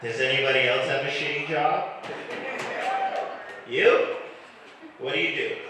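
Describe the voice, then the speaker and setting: Guy doing stand-up, crude deadpan jokes, mic sounds far off in a boomy room. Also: a little fast. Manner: deadpan, crude, chatting with the crowd. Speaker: stand-up comedian. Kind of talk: live stand-up set. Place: comedy club stage, heard from afar. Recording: echoey room recorded from a distance. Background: audience noise.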